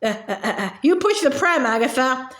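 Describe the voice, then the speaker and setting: A woman's voice: high-pitched, animated, a little fast, a bit bright, reverberant. A woman reading aloud, voicing a sensible, determined young girl who takes charge, in a storybook. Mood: firm. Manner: firm, commanding.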